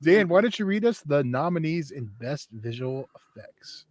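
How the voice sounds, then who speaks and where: A man's voice: a little high, lively intonation, normal speed, darkish tone, no echo, studio quality. Blunt, foul-mouthed man hosting a podcast. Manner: blunt, profane, bossy about running the show. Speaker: podcast co-host. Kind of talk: casual chat.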